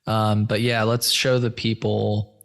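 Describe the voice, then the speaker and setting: A man's voice: lowish voice, flat delivery, takes it slowly, creaky, a bit bright. A man hosting a podcast in casual chat, loose, rambling and profane, addressing listeners as folks while walking through a shared screen. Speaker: podcast host.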